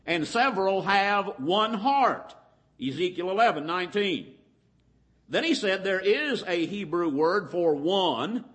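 Male preacher, high tense voice, deliberate emphatic sermon reading. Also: fairly bright tone. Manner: deliberate, stretches key words slowly. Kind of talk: Bible lesson sermon.

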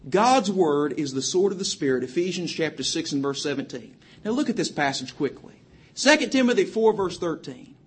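High-voiced, husky male preacher. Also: lively intonation. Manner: quotes scripture in King James wording, cites verses rapidly; addresses young people directly, emphatic. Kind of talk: sermon.

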